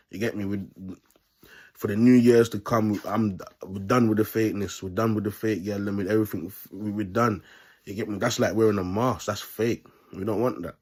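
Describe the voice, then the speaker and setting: A man's voice: fairly low pitch, darkish tone, husky. A man giving a casual, preachy monologue to camera, tagging nearly every point with "you get me" and laughing between points. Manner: repeats "you get me" as a constant tag. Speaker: self-styled preacher vlogger.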